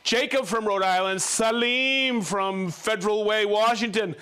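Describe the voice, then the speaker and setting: A man's voice: high voice, steady tone, measured pace, sharp tone, clear, resonant tone. A man hosting a live show, reading out viewers' names and hometowns in a jokey, upbeat way. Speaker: livestream host.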